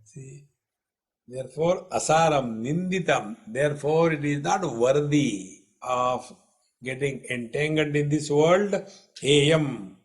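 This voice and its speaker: A man's voice: on the high side, slow. Male spiritual teacher, older, playful discourse with humorous stories. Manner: playful, teasing, acts out dialogue in stories. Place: lecture hall.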